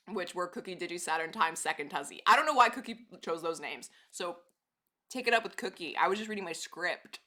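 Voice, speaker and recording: Bright, chatty woman streamer. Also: on the low side, animated, moderate pace. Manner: rambling, chatty, laughs often, swears casually. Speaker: live streamer. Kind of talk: casual live-stream chat.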